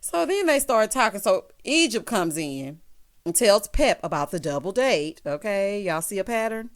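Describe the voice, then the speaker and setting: A woman's voice: mid-range voice, big pitch swings, normal speed. A woman giving a casual, gossipy recap of a reality show, talking straight to her viewers and calling them honey and child. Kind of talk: casual recap commentary to camera.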